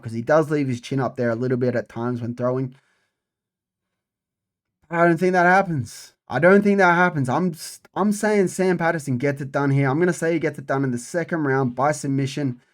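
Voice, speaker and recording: A young man giving a casual, profane breakdown of upcoming fights, repeating himself for emphasis. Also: mid-range voice. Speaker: MMA fight predictor.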